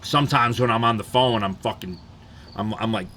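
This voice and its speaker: Speaking at a normal speed in a fairly low, sharp-toned voice, a young live streamer casually spins rambling, profane stories. Slight background noise sits under the audio.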